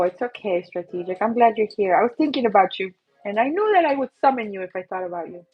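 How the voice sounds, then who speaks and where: A young woman hosting a casual live drawing stream, bubbly and excitable, chatting to viewers as she draws. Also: medium pitch, slightly rough. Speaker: livestream doodling host. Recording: slightly muffled, faint music behind.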